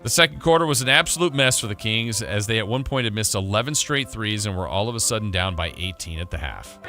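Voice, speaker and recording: A man co-hosting sports radio, briskly recapping a game and laughing at sound drops. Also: fairly low pitch, lively intonation, over music.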